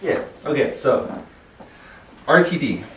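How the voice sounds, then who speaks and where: A young man co-hosting a casual podcast, telling stories in an animated way with frequent laughs. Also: medium pitch, takes it slowly, a little hiss or hum. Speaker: podcast co-host. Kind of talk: casual chat. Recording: roomy, distant mic.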